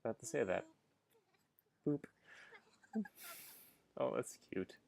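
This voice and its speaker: A man's voice: mid-range voice, expressive, brisk, creaky, a little mellow, a little hiss or hum. A man hosting a reaction video, chatting casually, easily amused, and talking to his dog between remarks.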